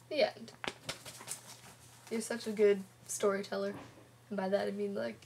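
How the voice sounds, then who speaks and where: A woman's voice: mid-range voice, darkish tone, slight background noise. A teenage girl, chatting sarcastically in a home vlog with a sore throat. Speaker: vlogger. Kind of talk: casual vlog chat, retelling a comic.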